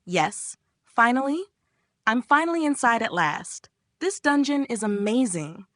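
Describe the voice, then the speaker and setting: A woman's voice: fairly high pitch, lively intonation, moderate pace, a bit bright, no room sound, clean studio sound. A woman voicing a cocky young man who smirks and teases his sister, in a smug, teasing tone.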